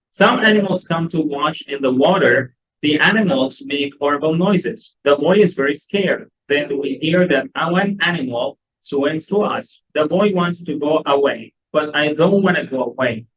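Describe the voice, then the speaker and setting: A man with an Egyptian Arabic accent, an English teacher who reads a simple story slowly and carefully, then goes back over the words. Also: a little high, a bit bright, poor audio. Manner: slow, careful reading with drilled repetitions. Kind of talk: reading a graded story aloud, then explaining it.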